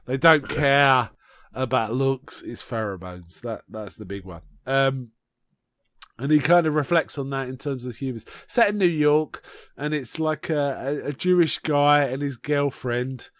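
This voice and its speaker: A man's voice: medium pitch, a little slow, a bit bright, no room sound, studio quality. A man co-hosting a podcast, chatting casually and rambling through his explanations with a laugh here and there. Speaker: podcast co-host. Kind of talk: casual chat.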